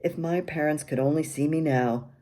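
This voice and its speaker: Older woman reading her memoir, wry and candid; low, mellow voice. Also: normal speed.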